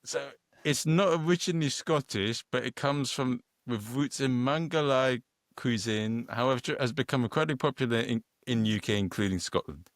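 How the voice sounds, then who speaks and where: A man with a mid-range voice hosts a podcast in a relaxed, joking way, sometimes trailing off as he hunts for the right word. The recording is close and dry. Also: mid-range voice, moderate pace, dry recording. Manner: relaxed, joking, searches for words. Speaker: podcast host. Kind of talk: casual podcast interview.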